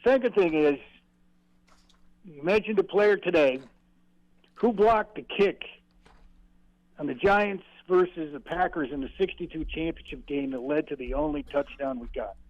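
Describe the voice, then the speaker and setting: A man's voice: fairly high pitch, unhurried, long pauses, no echo. Older male caller, friendly and reminiscing, dull phone-line sound. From Virginia. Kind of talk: phone-in chat.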